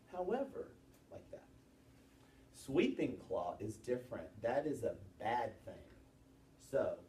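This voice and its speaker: Male teacher, animated classroom lecture, distant mic, roomy. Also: mid-range voice, a little hiss or hum. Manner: lively, quizzing students with quick questions. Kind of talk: classroom lesson on presentation gestures.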